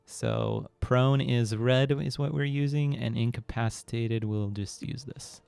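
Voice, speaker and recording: A man runs a tabletop game, speaking slowly with a gravelly edge and a lively pitch. He stops often on fillers and laughs easily, with a dry close sound. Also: no echo. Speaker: game master.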